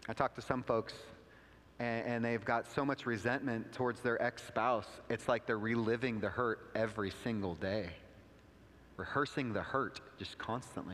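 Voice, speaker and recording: A man preaching a sermon as pastor, telling a story conversationally with asides and rising pitch for emphasis. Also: steady tone, moderate pace, a bit bright, a little hiss or hum. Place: church sanctuary. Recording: long hall reverb.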